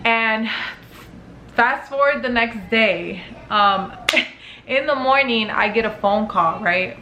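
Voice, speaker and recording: Chatty young woman, bright echoey room. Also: mid-range voice, dull audio, slight background noise. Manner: chatty, filler-heavy, swears casually, acts out quotes. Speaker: storytime vlogger. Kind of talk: casual storytelling to camera. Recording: echoey room with faint ambience.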